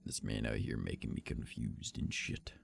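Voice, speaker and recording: A man's voice: extremely low pitch, steady tone, normal speed, creaky. A young man with a stuffy nose, streaming and rambling casually, swearing and playing mock-offended. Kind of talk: casual chat.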